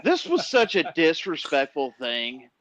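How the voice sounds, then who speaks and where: Lively-voiced man cracking quick jokes. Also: fairly high pitch, a crowd in the background. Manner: jokey, quick quips. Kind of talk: casual chat. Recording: dull lo-fi sound.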